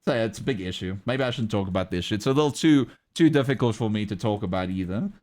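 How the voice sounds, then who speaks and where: A man's voice: lowish voice, animated, fast, a little mellow. A young man chatting casually to his livestream audience, rambling and hesitant, with frequent laughs. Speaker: streamer.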